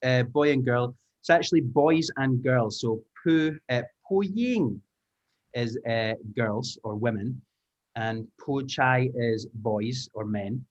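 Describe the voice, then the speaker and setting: A man teaching an online language lesson, lively and encouraging, explaining sounds patiently. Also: medium pitch, takes it slowly, lo-fi sound. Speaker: teacher trainer. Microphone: video call.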